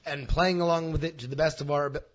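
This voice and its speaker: A man's voice: fairly high pitch, fairly even intonation, fast talker. A man co-hosting a casual podcast, drunk and hiccuping, talking in an emphatic, profane way. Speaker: podcast co-host. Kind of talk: casual banter. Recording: dull lo-fi podcast audio.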